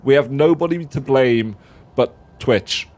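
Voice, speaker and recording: A man's voice: mid-range voice, measured pace, a little mellow. A man hosting a game stream, chatty and teasing, often stammering as he restarts his sentences. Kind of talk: casual let's-play chat.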